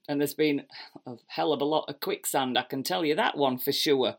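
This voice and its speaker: Low-voiced yorkshire woman, chatty and animated, talking from her kitchen. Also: a little slow. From England. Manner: chatty, animated and self-deprecating, with broad dialect. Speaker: podcast host. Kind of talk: personal storytelling monologue. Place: home kitchen.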